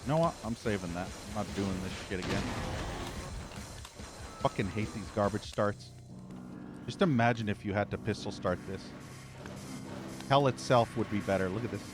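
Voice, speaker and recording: A man's voice: lowish voice, moderate pace, pauses often. A man streaming a shooter game, giving live commentary with frequent profane, frustrated rants. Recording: game music and gunfire behind.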